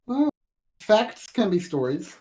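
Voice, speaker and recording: A man's voice: high-pitched, big pitch swings, slow, darkish tone. Hesitant man thinking aloud while gaming. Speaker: co-host playing a video game. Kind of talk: casual let's-play chat.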